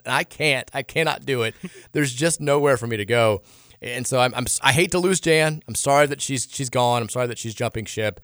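Studio-clean and without echo, this sports radio host rambles in a frustrated, sarcastic way, restarting frequently during casual talk. He speaks briskly in a medium-pitched voice that's a bit bright.

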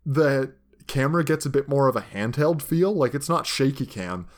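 A young man co-hosting a chatty podcast, cracking jokes and riffing with quick asides. His talk is loose and casual. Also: mid-range voice, expressive. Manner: jokey, riffs with quick asides. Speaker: podcast co-host. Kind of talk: casual chat.

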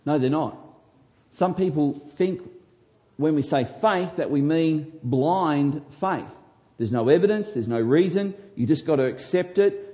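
A man, a pastor, preaching a sermon with emphatic delivery that swings from hushed to loud. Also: on the high side, animated, a little slow, muffled recording.

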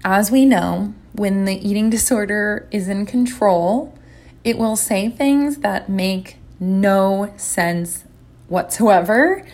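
A woman giving a gentle, encouraging instructional talk as a recovery coach. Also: mid-range voice, slow pace.

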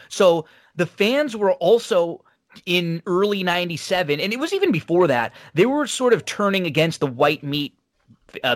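Male podcast host, chatty recap delivery, bright and a bit higher-pitched, dry close sound. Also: dry recording. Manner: chatty, rambling with fillers and restarts. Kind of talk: casual play-by-play recap.

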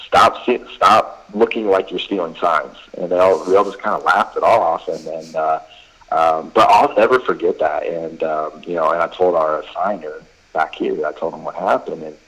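A man's voice: low-pitched, steady tone, normal speed, fairly bright tone, breathy edge, low-quality recording. A man who coaches college baseball, chatting casually on a podcast and telling rambling stories full of fillers and quoted back-and-forth. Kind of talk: casual podcast chat, storytelling.

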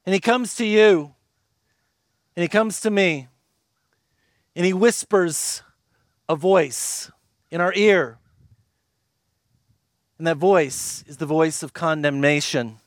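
High-voiced man preaching a sermon. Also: no room sound, studio quality. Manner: earnest preaching, slows and drops low for emphasis. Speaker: pastor.

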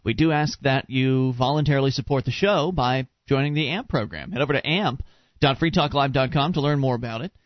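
A man's voice: mid-range voice, fairly quick, no room sound. A man hosting a call-in talk radio show, with wry, joking asides. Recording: dull, muffled radio broadcast.

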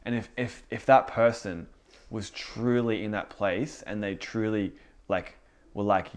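A young man with a fairly low voice teaches in a relaxed, conversational way, like a youth pastor talking to his group. He fills his talk with "like" and often repeats words as he goes. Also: unhurried. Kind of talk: casual spoken teaching.

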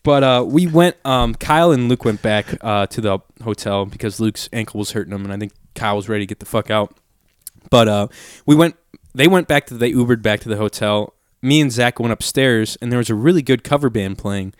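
A man's voice: medium pitch, brisk, smooth, no echo, clean studio sound. A young man telling a long story in a rambling, profane way, full of "like" and acted-out quotes. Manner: rambling, profane, heavy use of "like", acts out quotes. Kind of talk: casual storytelling chat.

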